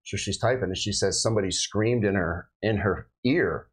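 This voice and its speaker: A man's voice: lowish voice, moderate pace, few pauses, husky, rough recording. A middle-aged man, a police officer, telling a story in a casual podcast chat and acting out the voices he quotes. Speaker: police officer recounting a shooting.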